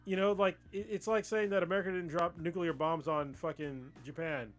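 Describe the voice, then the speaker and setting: High-voiced, excitable, foul-mouthed man. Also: brisk, soft background music. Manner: excitable, profane, laughs often. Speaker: livestream co-host. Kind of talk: casual chat about anime.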